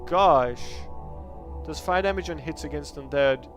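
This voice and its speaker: A man's voice: on the high side, a little slow, faint music behind. A man streaming a card game, chatty and joking as he thinks aloud about his choices. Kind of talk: casual game commentary.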